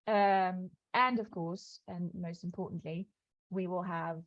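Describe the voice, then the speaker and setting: A woman's voice: lowish voice, steady tone, takes it slowly, dry recording. A woman hosting an onboarding video call, chatty and informal, with many fillers and restarts. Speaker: program host. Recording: dry, slightly dull video call audio.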